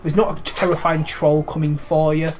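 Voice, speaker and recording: A man from England streaming a video game, chatting loosely and rambling as he plays. Clear game music runs under his talk. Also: on the high side, flat delivery, moderate pace. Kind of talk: casual live commentary.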